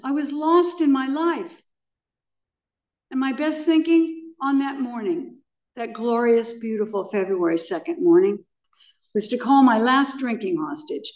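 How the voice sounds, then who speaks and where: A woman's voice: a little high, recorded from a distance. Older woman telling a dramatic testimony. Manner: dramatic, emphatic storytelling with vivid repetition. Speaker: recovery meeting speaker. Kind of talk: personal testimony.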